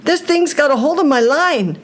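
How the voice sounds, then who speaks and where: A woman voicing a frightened young boy who shouts for help, high and urgent, in a storybook read-aloud. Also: animated, normal speed. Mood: panicked. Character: frightened young boy fishing with his friend.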